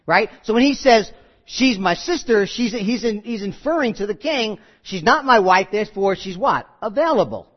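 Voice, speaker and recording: A man preaching a sermon, telling stories with quoted voices and lively asides. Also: sits high, moderate pace. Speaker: pastor. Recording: muffled audio with long hall reverb.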